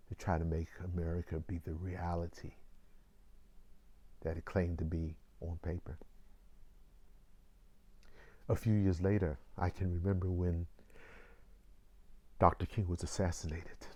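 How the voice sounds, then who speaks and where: An older man in his sixties tells a personal story in a deep, mellow voice. He speaks slowly and takes deliberate pauses between phrases. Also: lo-fi sound. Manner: slow, measured, with deliberate pauses.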